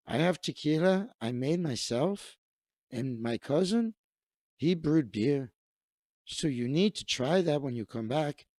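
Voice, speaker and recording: A man's voice: medium pitch, darkish tone, no room sound, natural voice. This is a hospitable Mexican father in his fifties who won't let his guest leave without eating, as a man puts him on. He speaks broken English with a put-on Mexican Spanish accent, pressing and generous by turns. The sound is close and dry. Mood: coaxing.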